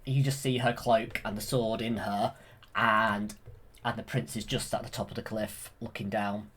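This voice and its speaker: A man's voice: on the low side, flat delivery, moderate pace, a bit bright, a little hiss or hum. A man eagerly retelling a film from memory, rambling with many ums and restarts, recorded on a handheld camera. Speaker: YouTube creator.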